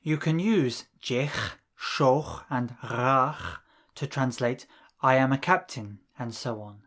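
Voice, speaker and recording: A man narrating a scripted language lesson, reading drill phrases in a measured way with pauses between them. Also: mid-range voice, fairly bright tone. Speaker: language teacher.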